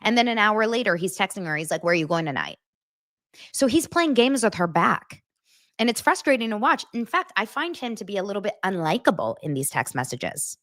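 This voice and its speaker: A woman's voice: medium pitch, big pitch swings, fairly quick, fairly bright tone, dry recording, clean studio sound. A woman hosting a casual commentary vlog, talking frankly and chattily with frequent asides. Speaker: host.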